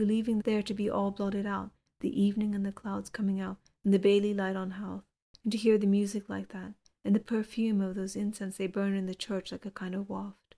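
A woman reading a literary novel aloud as an audiobook narrator, in a measured, even storytelling delivery. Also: medium pitch. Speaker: audiobook reader.

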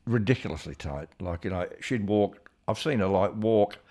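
A man's voice: on the low side, lively intonation, normal speed, dark tone. A man co-hosting a podcast, casual and sweary, telling stories with laughs. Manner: sweary, storytelling, laughs often. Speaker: podcast co-host. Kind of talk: casual chat.

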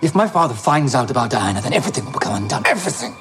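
An actor playing an agitated man who fears his father finding out, speaking in a hushed, strained voice over a music score. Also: mid-range voice, sing-song, racing, natural voice. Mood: tense. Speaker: troubled male lead in a TV drama.

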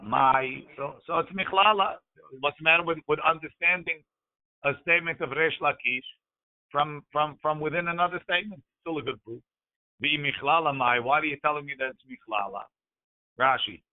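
A man leading a Talmud class, reading each Aramaic phrase and then explaining it in English, checking in with a quick "right?" along the way. His voice sits a little higher than most men's. The sound is thin and tinny, like a phone line. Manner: talks through the text with frequent "right?" checks. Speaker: Talmud teacher.

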